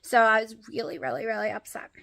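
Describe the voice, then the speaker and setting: A woman with a drawl chats to her viewers from home. Her voice sits a touch high and wavers close to tears as she rambles on. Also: lively intonation, fast, gravelly, pushed and bright. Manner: emotional, rambling, addresses viewers as y'all. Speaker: vlogger. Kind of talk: casual vlog chat.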